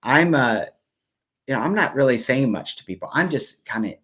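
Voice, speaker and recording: A man's voice: mid-range voice, animated, moderate pace, a bit bright. A man co-hosting a live devotional stream, telling a travel story hesitantly with many fillers and restarts. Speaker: co-host. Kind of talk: casual storytelling.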